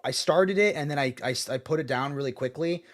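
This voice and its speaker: Talking fast in a slightly high, somewhat bright voice, this podcast co-host chats casually about comics. His speech is loaded with filler words and frequent laughter.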